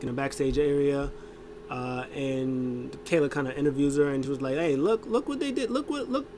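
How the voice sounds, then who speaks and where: Guy rambling thru a show recap, lots of uh and um, kinda high voice, little bit of hiss behind. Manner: rambling, many fillers and restarts, acts out quotes. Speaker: wrestling show recap host.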